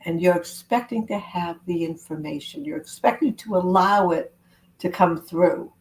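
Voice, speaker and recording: Gentle earnest woman coaching viewers, kinda low voice, spiritual self-help talk. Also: normal speed, poor audio. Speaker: love coach.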